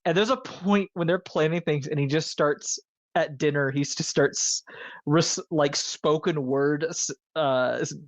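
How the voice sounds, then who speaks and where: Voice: mid-range voice, unhurried, no echo. A podcast co-host in a casual film discussion, talking with enthusiasm and rambling with many fillers. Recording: dull lo-fi dry recording.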